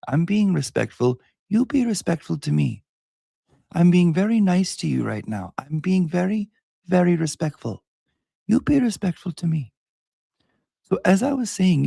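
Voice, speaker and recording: A man's voice: sits high, vocal fry, dark tone, slightly rough, dry recording, pitched above the performer's own voice, heavily acted. A man putting on a sneering fake-polite woman bully. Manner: sneering, insists on respect while insulting. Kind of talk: storytelling impression.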